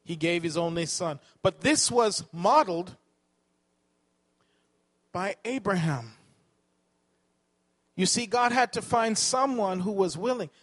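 A man's voice: high voice, lively intonation, slow, pauses often. A man preaching a sermon, asking the congregation questions and correcting himself as he teaches.

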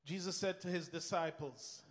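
Male preacher, high voice, emphatic sermon delivery with repeated phrases, long reverb of a big hall. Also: normal speed.

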